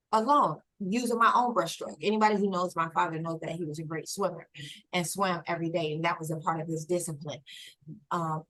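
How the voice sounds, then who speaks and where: Woman guest, reflective and halting, emotional as she talks. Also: lowish voice, a bit bright, poor audio. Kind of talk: emotional conversational sharing.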